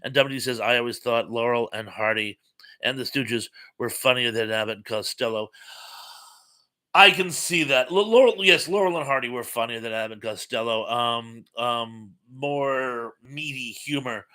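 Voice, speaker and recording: A man's voice: mid-range voice, normal speed, sharp tone. A man hosting an impromptu live stream. He reads viewer comments aloud and chats loosely, with plenty of ums and uhs. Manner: rambling and chatty, with frequent ums and uhs. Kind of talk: casual live chat reading viewer comments.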